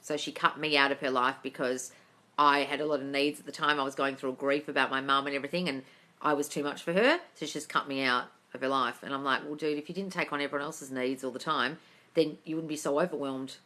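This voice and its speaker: A young woman hosts a casual phone livestream, answering viewer questions in a bright, sharp voice. She talks in an animated, blunt way and swears freely. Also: a bass voice, fast. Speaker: manifesting coach hosting a live Q&A. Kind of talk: casual livestream chat reading viewer comments. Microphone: phone mic on a social media live stream.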